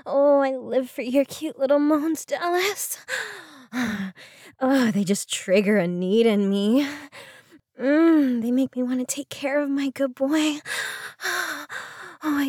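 A woman with a high voice performs an intimate audio role-play, her words slow and lingering. She coaxes softly and affectionately, with sighs and drawn-out hums. The recording is close and dry, with no room sound. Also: no echo. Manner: soft, coaxing and affectionate, with sighs and moans.

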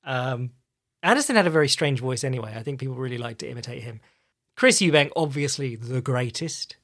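A man's voice: medium pitch, lively intonation, brisk, fairly bright tone. A man with a posh English accent hosting a casual solo podcast, chatty and swearing casually. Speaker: podcast host.

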